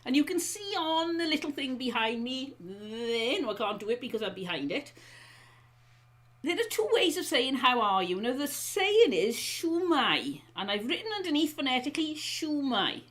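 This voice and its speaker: Chatty Welsh woman, high voice. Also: sing-song, moderate pace. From South Wales. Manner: chatty, playful, teacherly. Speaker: co-host of a live stream. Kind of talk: casual live-stream chat.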